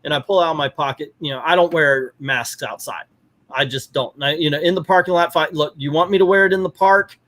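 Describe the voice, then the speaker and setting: A middle-aged man tells a story in a casual chat, his voice sitting a little high. He acts out the lines of the people he talks about and keeps the story moving. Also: a little fast. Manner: animated storyteller, acts out quotes. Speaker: podcast host.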